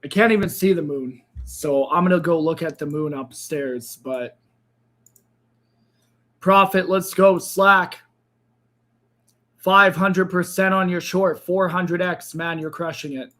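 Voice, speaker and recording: Man, slightly high voice, livestream trading host, casual, second-guesses himself, voice going. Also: moderate pace, few pauses, fairly bright tone. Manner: thinks aloud, second-guesses himself mid-sentence. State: losing his voice. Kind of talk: casual live market commentary.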